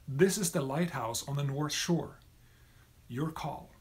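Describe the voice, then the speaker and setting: A calm, unbothered lighthouse keeper, as a man reads him. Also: a little high, moderate pace.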